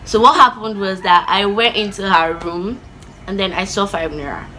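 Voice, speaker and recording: A woman telling a childhood story in a chatty, animated vlog style with lots of asides. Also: mid-range voice, normal speed, crowd noise, low-quality recording. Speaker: vlogger.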